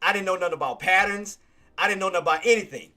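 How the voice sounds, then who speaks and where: A male streamer giving live trading commentary, excitable, repetitive and quick to apologize. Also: sits high.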